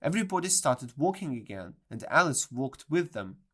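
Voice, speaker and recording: A reader narrating a storybook in a clear, measured way. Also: mid-range voice, very animated, a bit bright. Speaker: audiobook reader.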